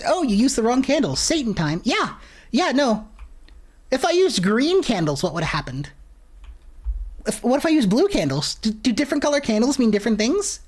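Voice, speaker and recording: A woman streaming a horror game, ranting and swearing with sudden shouts. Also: fairly high pitch, sing-song, brisk, slightly rough. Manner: profane, exasperated rants with sudden shouts. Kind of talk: casual gameplay commentary.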